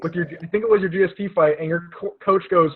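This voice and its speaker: A man's voice: high-pitched, fairly even intonation, fast, breathy edge. A young man hosting a casual podcast, telling rambling stories and laughing at himself. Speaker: podcast host. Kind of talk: casual chat. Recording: tinny phone-like sound.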